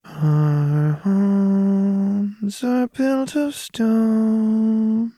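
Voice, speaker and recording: A man voicing an eerie young woman who half-sings, half-mutters a begging song in a soft voice. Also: high-pitched, steady tone, no room sound, studio quality, voice pushed up, exaggerated voice. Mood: eerie singing. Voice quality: soft, half-sung, drawn-out. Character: eerie young woman singing softly in the dark.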